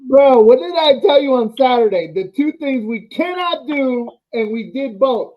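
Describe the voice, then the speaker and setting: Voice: high-pitched, lively intonation, unhurried. A co-host on a sports talk show, chatting casually and piling on with profane agreement. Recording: dull lo-fi sound.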